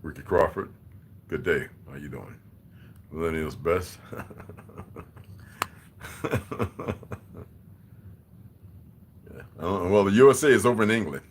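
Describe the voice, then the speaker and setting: A man hosting a livestream in casual chat, reading and answering viewer comments, profane and blunt, laughing often and swinging between quiet muttering and loud heated outbursts. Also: sits low, takes it slowly, long pauses, slight background noise. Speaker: livestream host.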